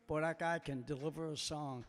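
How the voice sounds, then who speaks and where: A man's voice: fairly high pitch, fairly even intonation, big-room sound. A man hosting a live country show outdoors, chatting and joking between songs on a stage microphone. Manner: chatty, joking, quick to laugh. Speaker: bandleader and host. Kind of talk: casual banter between songs.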